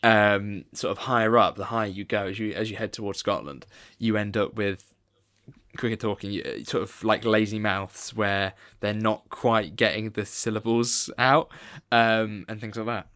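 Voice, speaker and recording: A man from the UK hosting a podcast in casual chat, measured and thoughtful as he asks his guest questions. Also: on the low side, steady tone, fairly bright tone, smooth, dry recording. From United Kingdom. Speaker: podcast host.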